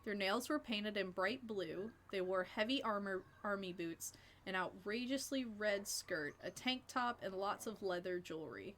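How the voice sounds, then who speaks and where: A woman streamer reading a story game aloud and chatting with viewers in a lively way, laughing between passages. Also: medium pitch, moderate pace, slight background noise.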